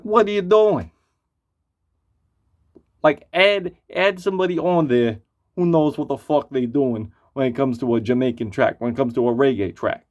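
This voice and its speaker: A man giving a casual spoken album review, blunt and profane, rambling with lots of fillers. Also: medium pitch. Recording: muffled lo-fi recording.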